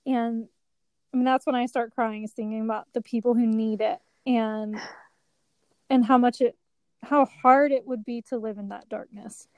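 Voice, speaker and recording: Reassuring woman with a higher voice. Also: steady tone, normal speed, dry recording, rough recording. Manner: warm, reassuring, emotional. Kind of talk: faith podcast conversation.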